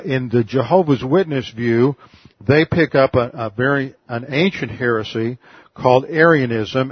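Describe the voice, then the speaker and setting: A man's voice: mid-range voice, dry recording, highs cut off. A man giving an explanatory Bible-teaching sermon in a lecturing manner, often restarting his phrases.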